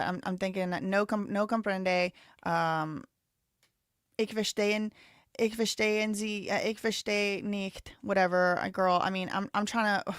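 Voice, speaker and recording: A woman's voice: mid-range voice, smooth, no room sound, clean studio sound. A woman in her thirties hosting a live stream, rambling casually and thinking aloud with lots of "like" fillers. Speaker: livestream host.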